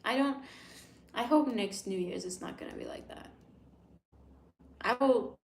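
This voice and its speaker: A woman in her thirties chatting casually on a livestream, reading comments and swearing freely, with hushed asides. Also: medium pitch, slight background noise. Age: 30s. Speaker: livestream host. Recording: echoey room sound.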